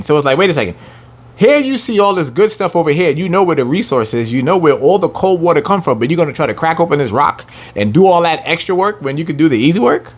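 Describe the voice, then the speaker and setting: A man delivers a scripture lesson in a fairly high voice that leaps up and down. He mocks his listeners bluntly, swears freely, and slows right down to stress each word of the verses he reads. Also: sing-song. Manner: brash and profane, taunting the listeners; reads verses slowly with heavy emphasis. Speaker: scripture teacher.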